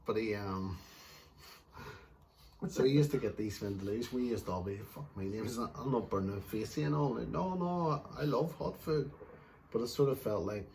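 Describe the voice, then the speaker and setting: A man's voice: mid-range voice, vocal fry, a little mellow, slight background noise. A man, chatting hesitantly with a friend late at night, stopping and restarting. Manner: hesitant, halting, with fillers. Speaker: co-host friend. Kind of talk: casual late-night chat.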